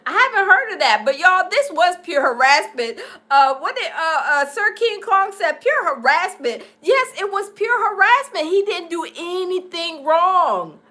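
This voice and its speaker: A woman's voice: very high voice, unhurried, few pauses. A woman hosting a casual livestream, reacting to a clip and reading viewer comments aloud with laughter. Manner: laughing, animated, reads chat aloud.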